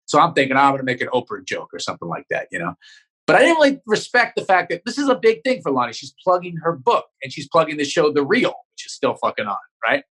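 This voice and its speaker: A man's voice: on the high side, wildly swooping pitch, quick pace, a bit bright, husky, rough recording. A man who is a comedian guest on a podcast, telling a story in casual chat, rambling and swearing with many restarts.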